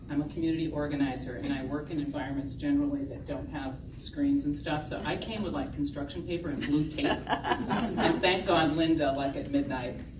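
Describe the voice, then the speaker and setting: A woman giving a humorous, self-deprecating talk to an audience of sisters, often laughing at her own stories. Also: low-pitched. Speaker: speaker at a gathering of sisters. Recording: echoey hall from far off with noise.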